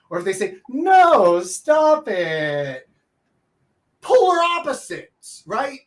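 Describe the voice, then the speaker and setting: Guy hosting a dating advice show, acts out what girls say, pretty lively. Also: a little high. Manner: animated, acts out quoted reactions, emphatic. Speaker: podcast host and dating coach. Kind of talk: casual advice talk.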